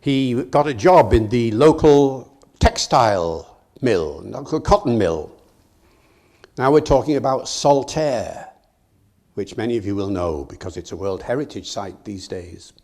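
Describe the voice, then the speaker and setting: An older man giving a public lecture, telling stories in a lively way and speaking straight to the audience. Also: mid-range voice, measured pace. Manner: storytelling, lively, addresses audience directly.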